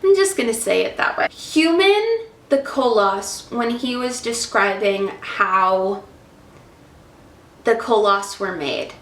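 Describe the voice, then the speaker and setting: A woman chats about books as a vlogger, gushing and emotional in her casual review talk. Her voice sits a little high and she takes her time with each thought. The sound carries the echo of a bare room. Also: a bit bright. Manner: effusive, emotional, chatty. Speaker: book vlogger. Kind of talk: casual book review vlog. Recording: echoey room.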